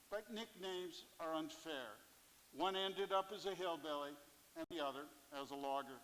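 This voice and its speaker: Man, bright high voice, live stage reading of a sea story, long theatre reverb. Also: a little hiss or hum. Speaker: fisherpoet performer. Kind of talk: reading a first-person fishing memoir on stage.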